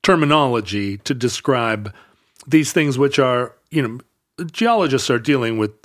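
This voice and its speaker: A man in his fifties who co-hosts a relaxed podcast and explains topics in detail. His voice sits at an ordinary middle pitch. He often stops and restarts, piling up fillers as he works through the facts. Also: moderate pace. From United States. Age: 50s. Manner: explanatory, fact-laden, many restarts and fillers. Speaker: podcast co-host. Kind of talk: casual conversational podcast.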